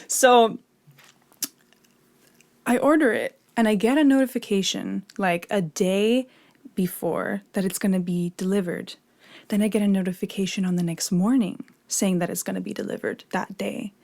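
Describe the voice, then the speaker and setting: A young woman tells a personal story straight to her viewers in an easy, conversational flow. She is loose and profane, leans on fillers like "like" and "you know," and sits at an ordinary middle pitch for a woman. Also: normal speed, gravelly, darkish tone. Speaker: meditation and manifestation vlogger. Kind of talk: casual storytelling to camera.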